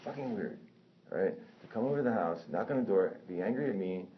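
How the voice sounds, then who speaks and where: Deep-voiced man, casual profane storyteller who rambles and self-corrects; muffled lo-fi recording. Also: animated, fairly quick. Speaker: storyteller recounting a personal incident. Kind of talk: casual spoken anecdote. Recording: dull lo-fi sound with faint noise.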